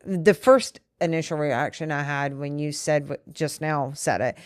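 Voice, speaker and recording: A woman co-hosting a podcast talks earnestly and at length with her partner about a disagreement, explaining herself with frequent restarts in a candid couple conversation. Her voice sits low and moves a little slowly. The studio sound is clean, with no echo.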